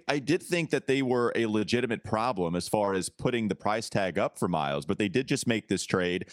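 A man's voice: fairly low pitch, dry recording, clean studio sound. A man co-hosting a sports podcast, talking casually and animatedly and laughing easily. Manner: animated, quick to laugh, reads reports aloud. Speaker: podcast co-host.

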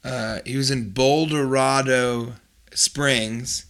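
A man with a bright, ringing tone co-hosts a comedy podcast. He tells an improvised, absurd story with a straight face and now and then bursts into loud put-on voices. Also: medium pitch, steady tone, takes it slowly, gravelly.

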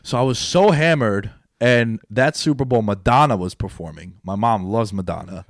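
An animated young man talking sports in a casual chat, his voice jumping from loud excited bursts down to low mutters. He sits close to a dry podcast mic, with no room sound around him. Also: moderate pace, no room sound.

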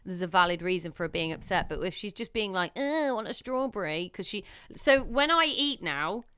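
A woman's voice: lowish voice, brisk, pushed and bright, clean tone, no room sound. A woman in her thirties co-hosting a podcast, chatting candidly and expressively about parenting with wry humor. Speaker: podcast co-host. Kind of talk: casual chat.

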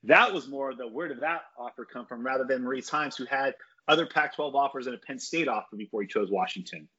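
A man's voice: medium pitch, fairly quick, sharp tone, husky, muffled recording. A man giving his opinions on college football in a casual podcast chat. He rambles with restarts and strong takes.

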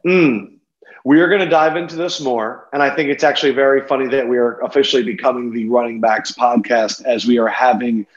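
A man hosting a casual sports betting podcast, playful and excitable, speaking over a phone. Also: mid-range voice, highs cut off. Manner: excitable, playful, quick asides. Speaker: podcast host. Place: home in a city apartment. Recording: echoey room over a phone.

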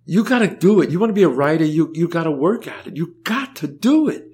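A man's voice: fairly high pitch, fast. An older man telling stories in a conversational interview, acting out the dialogue as he goes and often repeating words. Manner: animated storyteller, acts out dialogue, repeats words. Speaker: guest.

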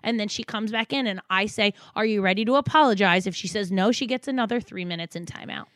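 A young mother with a middle-height voice talks bluntly and swears without pause, acting out quotes as she goes. The sound is dry and close, with no room around it. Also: medium pitch, fairly bright tone, dry recording. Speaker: podcast co-host, mother. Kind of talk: casual chat.

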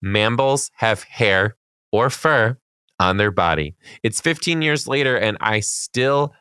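A man's voice: fairly low pitch, lively intonation, slow, bright, forceful tone, clean tone, no room sound. A man co-hosting a podcast, reading listener emails aloud and reacting with dry remarks. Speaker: podcast co-host. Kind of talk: casual chat.

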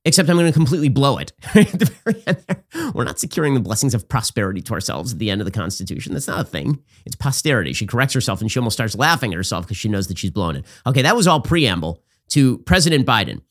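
A man hosting a political commentary show, talking in a sarcastic, rapid-fire, mocking way. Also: on the low side, very animated, fairly bright tone.

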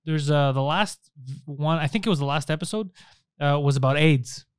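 A man's voice: on the high side, normal speed, smooth, no room sound, clean studio sound. A young Canadian man chatting casually on a podcast, a profane, mocking storyteller who acts out the people he quotes. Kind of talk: casual chat.

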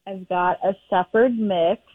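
A woman calling into a radio show, talking casually and haltingly with fillers. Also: mid-range voice, steady tone, no room sound. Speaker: caller. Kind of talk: call-in phone conversation. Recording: tinny phone line.

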